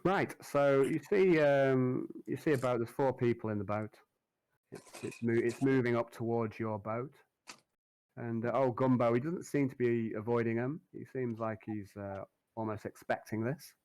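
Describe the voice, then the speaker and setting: A man's voice: medium pitch, moderate pace, a little mellow, rough recording. Hesitant man as game master. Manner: hesitant, filler-heavy. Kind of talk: narrating a tabletop game.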